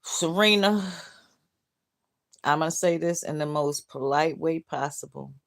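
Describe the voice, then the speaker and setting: Sad middle-aged lady on a livestream, low voice, talks slow, blunt and cussing. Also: gravelly. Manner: blunt, swears, laughs at comments. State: downcast, heartbroken. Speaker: livestream host. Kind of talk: casual livestream chat reading comments.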